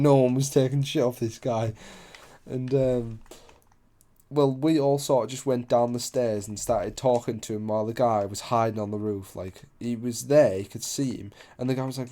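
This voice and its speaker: A man's voice: medium pitch, steady tone, moderate pace, darkish tone. Rambling sweary young man. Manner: rambling, heavy swearing, loses his place. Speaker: storyteller. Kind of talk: casual storytelling.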